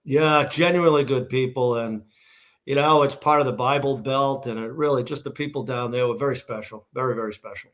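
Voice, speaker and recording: A man's voice: mid-range voice, fairly quick, a bit bright. A middle-aged man with a Boston accent, a guest in a casual interview, telling stories in a rambling way with many restarts and fillers. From Massachusetts, USA. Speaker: guest, shoe company founder.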